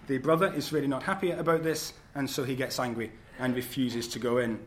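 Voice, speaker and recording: A man preaching a sermon at a church service, earnest and measured, with occasional fillers as he reads and explains scripture. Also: medium pitch, fairly even intonation, a bit bright, slight background noise.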